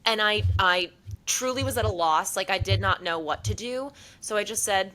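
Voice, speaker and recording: A woman's voice: mid-range voice, normal speed, pushed and bright, poor audio. A young woman co-hosting a podcast, telling a long story in casual chat and acting out the people she quotes. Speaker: podcast co-host.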